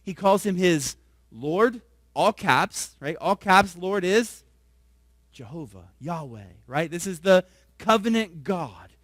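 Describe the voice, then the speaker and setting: A male pastor preaching a sermon. He keeps asking the congregation questions, tags his points with "right?", and swings from soft, low asides to loud emphasis. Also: lively intonation, takes it slowly, no echo, studio quality.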